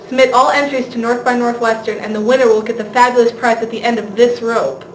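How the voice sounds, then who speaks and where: A woman's voice: a little high, steady tone, fast talker. A young woman co-hosting a student video blog with an upbeat delivery. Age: young adult. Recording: echoey room, faint noise.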